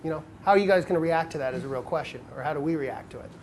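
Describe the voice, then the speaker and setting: A man coaching other men on dating, telling stories and acting out quoted lines in a casual, animated way. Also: fairly high pitch, rapid-fire, a little hiss or hum. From United States.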